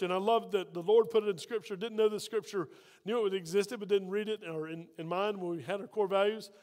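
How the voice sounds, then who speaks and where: Fervent high-voiced preacher. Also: male voice, darkish tone, big-room sound. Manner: fervent preaching, rising and falling, rhetorical questions to the congregation. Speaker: pastor. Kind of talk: sermon.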